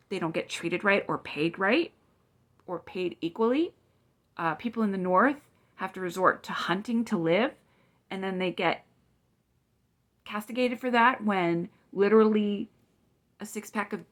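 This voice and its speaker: A woman's voice: lowish voice, a bit bright. A woman in her forties delivering a heated political rant to camera, blunt and profane. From Canada. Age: 40s. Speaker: vlogger.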